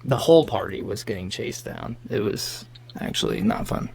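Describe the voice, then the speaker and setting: A man's voice: on the low side, lively intonation, moderate pace, creaky, a little mellow, slightly rough. A man co-hosting a podcast, recapping a shared story in a joking, teasing way. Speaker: podcast co-host. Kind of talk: casual chat.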